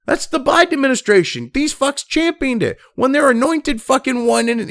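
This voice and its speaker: Angry foul-mouthed guy reading headlines and tearing into them, kinda high voice, dry room. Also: sing-song, moderate pace, few pauses, fairly bright tone, no room sound. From United States. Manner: angry, crude, mocking, reads news then rants. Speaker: political commentary host. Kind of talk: profane rant over read-aloud news.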